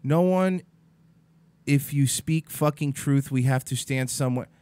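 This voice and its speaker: A man hosting a livestream rants at his chat viewers, exasperated and swearing freely as he addresses them by name. His mid-range voice is a little slow and dark in tone.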